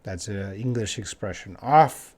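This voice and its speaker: During a live English class, a young Canadian man fields questions from the chat casually and slowly repeats phrases for his students. He has a lowish voice that sounds a little mellow.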